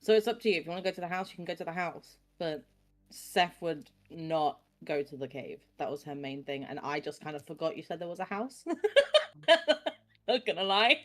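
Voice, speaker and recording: A woman's voice: low voice, big pitch swings, fairly quick. A woman taking part as a player in a tabletop game, chatty and self-mocking, laughing often. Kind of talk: casual tabletop game chat.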